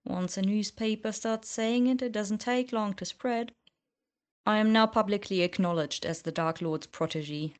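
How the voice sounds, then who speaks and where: A woman's voice: mid-range voice, normal speed, smooth, natural voice. A woman reading the lines of a cool, sardonic young male wizard in an audiobook.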